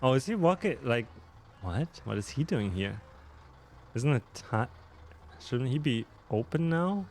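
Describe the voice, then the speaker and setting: A man's voice: mid-range voice, sing-song, unhurried, pauses often, a little mellow, slight background noise. German guy streaming, chatting with chat while gaming, laughs a lot, normal mid voice. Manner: chatty, laughs often, talks to viewers.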